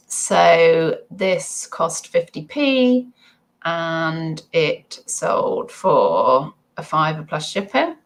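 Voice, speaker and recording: A woman with a lowish voice, recorded in poor audio, vlogs casually about her eBay resale items. She rambles to her viewers with giggly asides.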